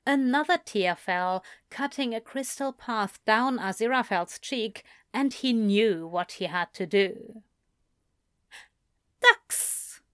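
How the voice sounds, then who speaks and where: A woman reading fan fiction aloud in a soft, unhurried storytelling manner. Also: on the high side, clear, resonant tone, dry recording, clean studio sound. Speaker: reader.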